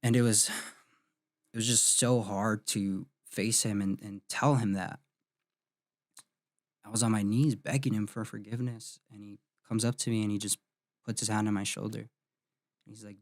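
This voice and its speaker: A man in his thirties, a podcast host, telling a painful personal story in an emotional, halting way with many restarts. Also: lowish voice, flat delivery, no room sound, clean studio sound.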